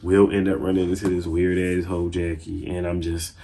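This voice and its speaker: A man recapping TV episodes in a casual, slangy, excitable way, with lots of fillers. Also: low-pitched, moderate pace. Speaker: TV show reviewer.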